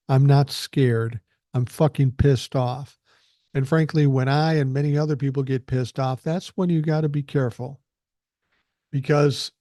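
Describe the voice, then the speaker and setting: A man's voice: medium pitch, warm tone, dry recording. An older man hosting a podcast, delivering a blunt, profane and angry political monologue into a close mic. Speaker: podcast host.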